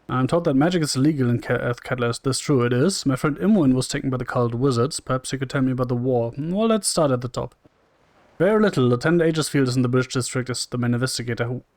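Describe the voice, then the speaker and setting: A man's voice: mid-range voice, dry recording. Dry-voiced man streaming a game. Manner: wry and chatty, reads lines flatly and jokes. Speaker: streamer playing a role-playing game. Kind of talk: casual gameplay commentary, reading dialogue aloud.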